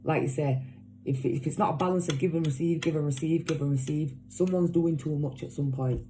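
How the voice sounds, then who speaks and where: A woman's voice: low-pitched, a little fast, noisy background. Blunt, caring woman reading tarot. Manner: emphatic, repetitive, blunt with swearing, caring. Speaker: tarot reader. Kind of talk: casual tarot reading to viewers.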